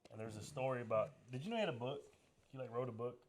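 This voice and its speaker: A man, a comedian guest on a podcast, telling a story in a relaxed, hesitant way with lots of fillers. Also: mid-range voice, racing. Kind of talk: casual storytelling chat.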